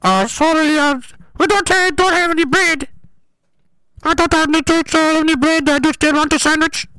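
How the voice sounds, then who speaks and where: A man's voice: very high-pitched, pushed and bright, dry recording, pitched above the performer's own voice, exaggerated voice. A man doing a stammering drive-thru worker woman. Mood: apologetic. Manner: halting, stammering, repeating herself. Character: flustered female fast-food drive-thru worker.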